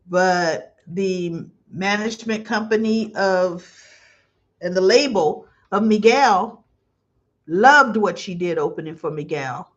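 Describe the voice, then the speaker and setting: On dull audio, a woman with a medium-pitched, slightly bright voice runs a live soap opera comment show. Her talk is casual and effusive, full of emotion and prolonged exclamations as she reads viewer comments out loud.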